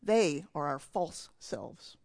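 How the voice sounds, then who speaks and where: A man's voice: a little high, expressive, slow, vocal fry, a little mellow, no echo. A man from New Jersey giving a sermon in church, telling a candid, self-mocking story about himself. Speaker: preacher.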